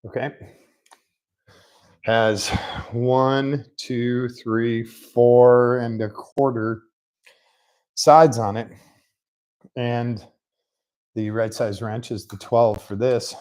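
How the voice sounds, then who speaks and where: A man's voice: mid-range voice, steady tone, very slow, long pauses, a little mellow, poor audio. Chatty man rambling in his garage. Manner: chatty, rambling, self-mocking. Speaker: mechanic showing a repair. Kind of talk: casual workshop vlog. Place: home garage workshop. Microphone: laptop on a rolling stool.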